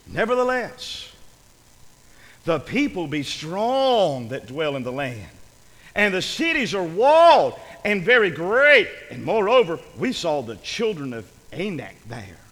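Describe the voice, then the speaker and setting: Fervent high-voiced male preacher. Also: very animated, unhurried, long reverb tail, rough recording. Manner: fervent, often shouting, repeats phrases for emphasis. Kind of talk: sermon.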